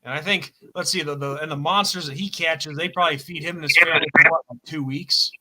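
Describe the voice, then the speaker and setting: A man's voice: a little high, fairly even intonation, quick pace, background noise. A man hosting a live stream, chatting casually and laughing often. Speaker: host.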